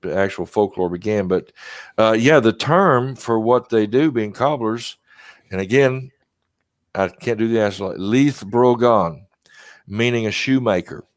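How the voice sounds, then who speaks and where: Rambling man, low dry voice. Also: moderate pace, dry recording. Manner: rambling, self-deprecating, frequent fillers. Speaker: podcast host. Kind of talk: casual podcast chat.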